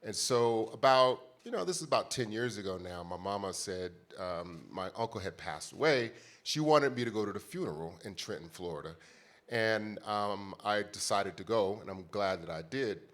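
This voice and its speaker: Heartfelt low-voiced American man. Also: expressive, normal speed, a bit bright. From United States. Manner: heartfelt, conversational, addresses the audience directly. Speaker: panelist. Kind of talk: personal storytelling at a conference plenary.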